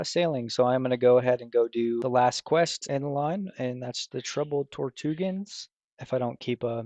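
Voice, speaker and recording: A man's voice: medium pitch, no room sound. A man talks casually over his gameplay in a loose, rambling way, full of fillers and restarts. His voice sits in a middle register. The recording is dull, lo-fi and dry, with no room sound. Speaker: gaming video creator.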